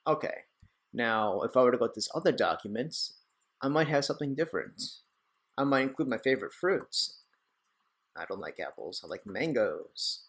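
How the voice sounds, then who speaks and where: A man's voice: mid-range voice, a bit bright, slightly rough. Young guy doing a laid-back how-to screencast, talks kinda rambly, cracks little jokes at himself, regular mid-range voice. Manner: chatty, rambling, self-deprecating asides. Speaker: tech tutorial host. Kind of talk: casual screen-recorded tutorial.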